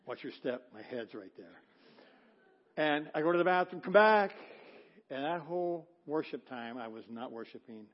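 A middle-aged male pastor preaching a sermon, telling a story with acted-out quotes and swinging from loud to hushed. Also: fairly high pitch, lively intonation, moderate pace, muffled recording. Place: church sanctuary.

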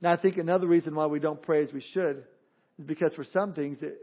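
Male pastor, high-pitched, emphatic sermon delivery, muffled lo-fi audio. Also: steady tone, a little fast. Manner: earnest, emphatic, repeats words in restarts.

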